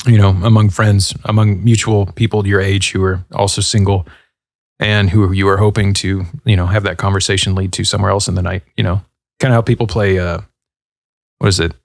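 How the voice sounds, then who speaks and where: Answering listener questions on his podcast, a man in his thirties drifts along casually, leaning on frequent fillers. His gravelly, low voice is flat and fairly quick, captured close-up and dry, without echo.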